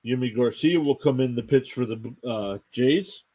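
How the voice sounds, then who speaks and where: A man's voice: mid-range voice, normal speed, breathy edge. Man calling baseball play-by-play. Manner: steady play-by-play, reads out scores and thanks viewers. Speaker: live stream sports commentator. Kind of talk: live play-by-play reaction commentary.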